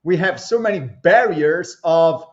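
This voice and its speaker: A man being interviewed as an author, answering in a measured way with pauses and fillers, on dull lo-fi remote audio. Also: fairly high pitch, expressive.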